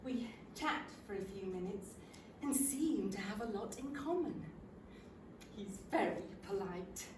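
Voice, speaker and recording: An older woman, performing a comic stage monologue in a wry, self-deprecating, expressive manner. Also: mid-range voice, a little slow, noisy background. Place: theatre stage. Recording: roomy theatre, from a distant mic.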